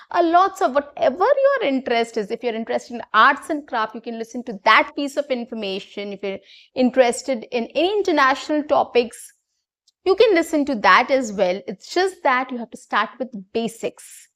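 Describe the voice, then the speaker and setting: A woman's voice: fairly high pitch, fairly bright tone. A woman teaching a spoken English lesson to her viewers, patient and repeating her points with fillers.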